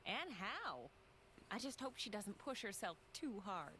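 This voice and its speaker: An actress voicing a sweet, motherly grown woman in a video game, speaking in a slow Southern drawl. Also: mid-range voice, sing-song, sharp tone, a little hiss or hum. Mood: folksy, sweet.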